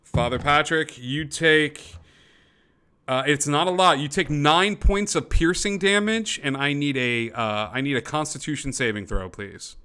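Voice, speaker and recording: A man's voice: fairly high pitch, a little slow, pushed and bright, clear, resonant tone. A man narrating as game master for a tabletop game over a call, descriptive and full of fillers and restarts.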